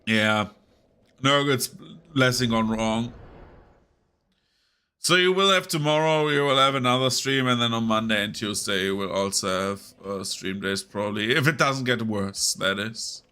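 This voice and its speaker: A man chatting loosely to his stream audience while he plays, his voice nasal and a bit rough because he is sick. His tone is bright and forward, at a middle pitch for a man. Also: a little slow. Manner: rambling and chatty, talking over gameplay. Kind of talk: casual live-stream chat while gaming.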